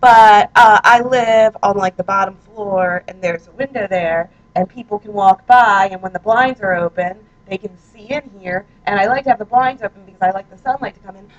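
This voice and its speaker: A woman's voice: medium pitch, normal speed, few pauses, dull audio. A woman in her twenties, a vlogger chatting casually and self-mockingly at home, reading out her own posts into a handheld recorder. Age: 20s. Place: her apartment, indoors.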